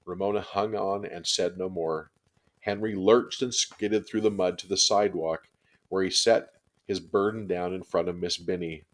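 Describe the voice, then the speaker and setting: A man reading a children's chapter book aloud with steady, expressive storytelling. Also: sits low, moderate pace.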